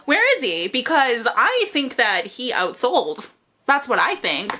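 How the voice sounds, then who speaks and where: A woman reacting to a music video, gushing, swearing and squealing with excitement as she comments. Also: fairly high pitch, unhurried, breathy edge. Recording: loud music under voice. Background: music video playing.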